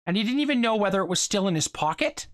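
A reader narrating a short story aloud for a class, in a steady, measured way. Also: medium pitch, dry recording, clean studio sound.

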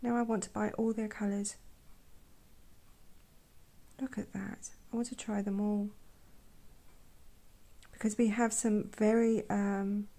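A woman talking softly while swatching paints, often dropping to a whisper and gushing with delight. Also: medium pitch, little pitch movement, measured pace, long pauses. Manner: gushing, effusive, trails off into whispers. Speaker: art vlogger. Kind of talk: soft-spoken swatching commentary.

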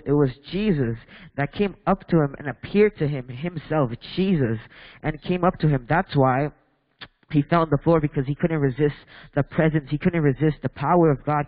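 A man preaching a bilingual sermon in a church, reading scripture and switching between English and Spanish with halting restarts while questioning the congregation. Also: a little high, no room sound, big-room sound, phone-quality sound.

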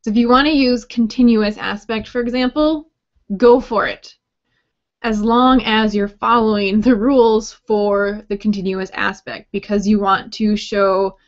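At an unhurried pace, a woman leads a grammar workshop, friendly and explanatory, tossing in light jokes now and then. Her middling-pitched voice holds fairly even intonation, and the recorded lesson sounds slightly dull and lo-fi.

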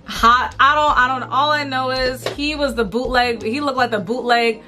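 A young woman vlogger telling an indignant storytime while doing her makeup, animated, full of slang and repeated phrases. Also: high voice, normal speed, faint music behind. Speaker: beauty vlogger.

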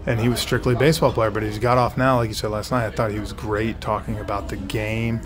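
A man in his forties, a former ballplayer and broadcaster, chatting enthusiastically in an interview with quick restarts. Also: fairly low pitch, level tone, over music. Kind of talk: casual interview.

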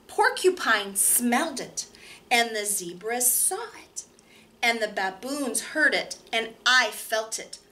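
Woman doing a sturdy rhino, slow and emphatic, bright tone, storybook voice. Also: on the high side, expressive, a little hiss or hum, full character voice. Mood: announcing. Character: big sturdy rhino, plainspoken.

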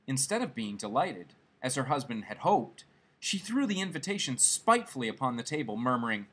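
A man reading a classic short story aloud, in an expressive, dramatic manner. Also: mid-range voice, normal speed, husky. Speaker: story reader.

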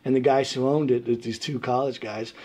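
Husky New man telling stories. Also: medium pitch, a little fast. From New York. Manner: animated storyteller, loud when acting out quotes. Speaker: guest musician. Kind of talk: casual interview storytelling.

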